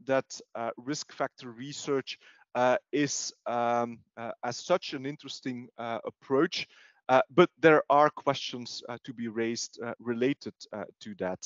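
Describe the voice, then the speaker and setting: A man presenting in an academic webinar, speaking formally and haltingly with constant "uh" fillers. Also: medium pitch, no echo, highs cut off. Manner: formal and measured.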